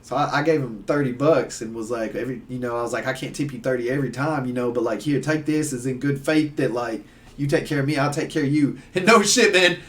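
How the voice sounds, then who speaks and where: A man, a podcast guest telling stories in casual chat, animated and acting out the people he quotes. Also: mid-range voice, quick pace, distant mic. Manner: animated, laughing storyteller who acts out voices. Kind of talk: casual storytelling.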